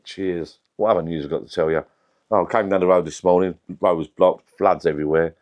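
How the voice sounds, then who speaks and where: Deep low guy nattering away about his gadgets, swears a bit, middle-aged. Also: fairly even intonation, a little fast, darkish tone. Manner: chatty, rambling, swears casually. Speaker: vlogger. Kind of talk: casual chat to camera.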